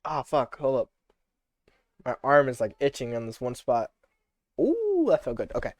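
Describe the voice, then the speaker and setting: A man's voice: medium pitch, huge pitch swings, normal speed, pauses often. A man casually reading visual novel dialogue aloud on a live stream, chatting and laughing between lines.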